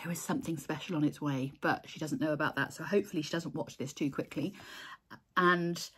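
A woman in casual chat to camera, talking about her crochet work in a heartfelt, chatty way, with restarts and soft laughs; she says she is tired. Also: on the low side, fairly quick, breathy edge. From England. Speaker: crochet designer and vlogger.

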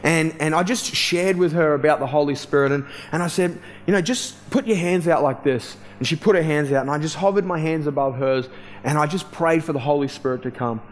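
Male pastor, slightly high voice, chatty sermon storytelling, loose and full of fillers. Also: brisk. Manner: casual, conversational, many fillers and restarts.

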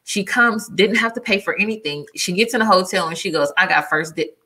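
A woman's voice: lowish voice, brisk, hardly any pauses, slightly rough. A woman guest on a live talk show, telling a story in a casual, exasperated way and acting out what people said. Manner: expressive, acts out quotes, exasperated.

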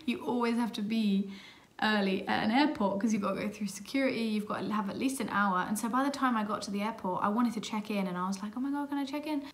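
A woman's voice: medium pitch, quick pace. A woman from England talks casually to her camera, recounting a chaotic journey. Her voice sits in a mid range, and she jumps between exasperation and self-mocking laughter as the story tumbles out. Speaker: vlogger.

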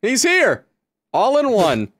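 A man's voice: extremely high pitch, huge pitch swings, takes it slowly, fairly bright tone. A man hosting a game stream, bantering goofily with friends and swearing freely. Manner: goofy, giggly, swears freely. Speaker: streamer host. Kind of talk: casual gaming banter. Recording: noisy game stream audio.

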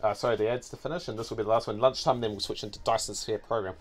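A man's voice: fairly low pitch, steady tone, racing, faint music behind. A man thinking aloud as he streams a city-building game, trailing off and correcting himself often. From New Zealand. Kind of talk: casual gameplay commentary.

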